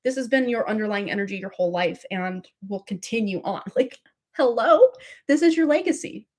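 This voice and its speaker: A woman's voice: mid-range voice, lively intonation, a little fast, darkish tone. A woman reading tarot cards on a livestream, effusive and gushing, full of spiritual talk and filler words. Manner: effusive, breathless, spiritual, many likes and fillers. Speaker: tarot reader hosting a livestream.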